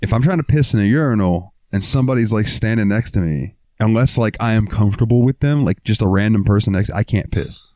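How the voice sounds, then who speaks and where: Young dude rambling and cussing thru a story, lowish voice, dry close mic. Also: male voice, quick pace, few pauses, darkish tone, no room sound. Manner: rambling, profane, lots of fillers. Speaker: podcast host. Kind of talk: casual storytelling.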